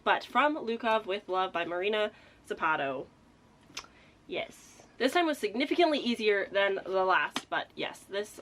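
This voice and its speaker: A young woman chatting casually as a book vlogger, excitable and laughing often, a little out of breath. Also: mid-range voice. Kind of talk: casual vlog chat.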